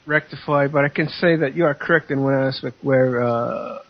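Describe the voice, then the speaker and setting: A man guest on a casual radio talk show, halting and searching for his words. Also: medium pitch, no room sound. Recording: dull lo-fi internet radio audio.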